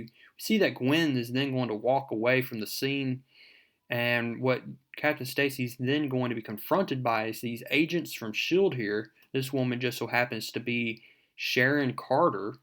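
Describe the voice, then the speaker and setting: A man's voice: medium pitch, unhurried, a bit bright. A man casually retelling a comic book issue in a rambling recap full of fillers.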